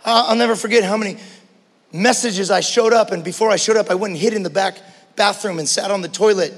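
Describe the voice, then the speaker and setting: High-ish guy preaching hard in a church, quiet then shouting, long echo. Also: fast. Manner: passionate preaching that swings from hushed to shouted. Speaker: pastor. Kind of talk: sermon.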